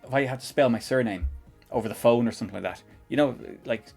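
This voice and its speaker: Gravelly Northern Irish man. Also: medium pitch, quick pace, a little mellow, faint music behind. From Northern Ireland. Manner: rambling, chatty, chuckles often. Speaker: programming streamer. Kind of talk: live coding tutorial with casual chat.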